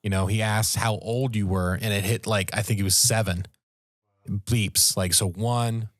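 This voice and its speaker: A man, a podcast co-host, telling a story in casual, animated talk and raising his voice at the tense moments. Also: fairly low pitch, unhurried, no room sound, studio quality. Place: podcast studio.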